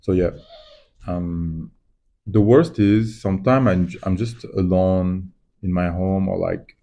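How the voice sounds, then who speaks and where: Doing crafts at home, a man rambles reflectively to the camera in a casual vlog, poking fun at himself along the way. His deep, mellow voice moves slowly with fairly even intonation.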